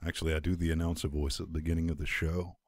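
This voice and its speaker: A man's voice: a bass voice, little pitch movement, rapid-fire, dry recording, clean studio sound. A man hosting a gaming podcast, joking brashly and crudely in casual banter. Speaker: podcast host.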